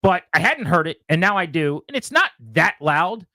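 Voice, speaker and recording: A male radio host chatting casually and telling an animated story, acting out other people in loud, high bursts. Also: moderate pace, no room sound, clean studio sound.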